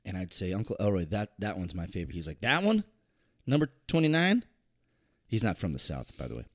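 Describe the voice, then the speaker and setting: Low-voiced man telling a casual story. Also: fast, breathy edge. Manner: storytelling, relaxed and conversational. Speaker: podcast co-host. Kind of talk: casual chat.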